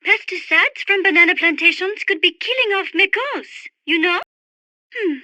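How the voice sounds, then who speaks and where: An actress voicing a refined, dreamy young French woman birdwatcher in game radio calls, with a French accent and a breathy manner. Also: extremely high pitch, animated, moderate pace, bright, forceful tone, no room sound, heavily acted. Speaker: radio support character.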